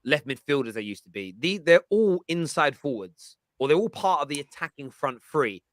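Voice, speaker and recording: A man hosting a casual football chat, teasing and animated. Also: fairly high pitch, moderate pace, dry recording. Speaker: panel host.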